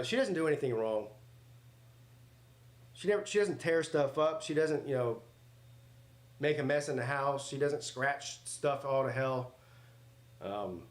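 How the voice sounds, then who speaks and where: A man hosting a live watch-party stream, joking crudely, commenting on the game and reading chat aloud. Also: fairly high pitch.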